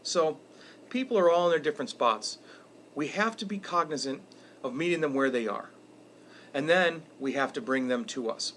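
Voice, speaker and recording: Earnest middle-aged man, slightly high voice. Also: a bit bright, slight background noise. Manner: earnest, conversational, retells stories with quoted dialogue. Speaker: educator giving weekly video messages. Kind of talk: reflective monologue to camera.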